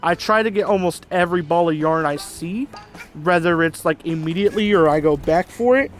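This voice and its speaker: A man's voice: on the high side, a little fast. A man giving rambling, chatty let's-play commentary, laughing between thoughts. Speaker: gaming channel host. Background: faint game music.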